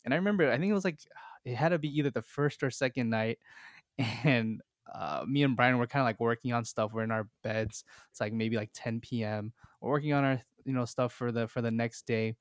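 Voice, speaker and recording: Young man, podcast host, casual storytelling, laughs a lot, mid-pitched voice, dry close sound. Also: a little fast, dry recording. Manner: laughs often while telling a story. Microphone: call recording.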